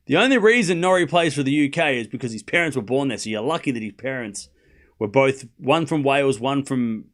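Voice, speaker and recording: An Australian host on a live tennis stream, medium in pitch and normal in speed, mocks and rants casually. He stays animated, speaking straight to his viewers' chat.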